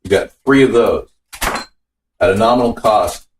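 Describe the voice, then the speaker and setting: A man's voice: lowish voice, unhurried, a little hiss or hum. A man hosting a casual cooking show from his home kitchen, chatting and answering viewer comments as he goes. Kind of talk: casual live-stream cooking chat.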